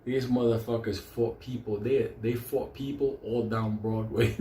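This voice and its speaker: A man's voice: mid-range voice, unhurried, slight background noise. A man tells a comic story full of swearing and bursts of laughter. His voice sits in a middle register. The room has a noticeable echo, with faint ambience behind him. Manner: animated, laughing, heavy swearing. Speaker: show host telling a story.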